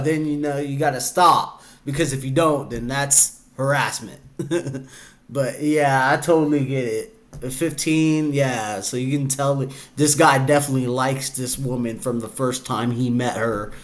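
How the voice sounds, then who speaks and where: A man's voice: medium pitch, a little slow, fairly bright tone. A young man hosting a reaction video, talking casually and chattily, and laughing often. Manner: chatty, laughs often, acts out quoted voices.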